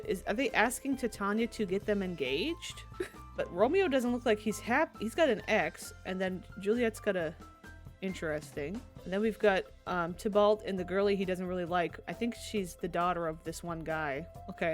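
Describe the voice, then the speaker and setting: A woman's voice: mid-range voice, animated, moderate pace, faint music behind. A woman streaming a life-sim game, talking casually and giggling as she reads captions aloud with playful asides. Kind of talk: casual gameplay commentary with read-aloud captions.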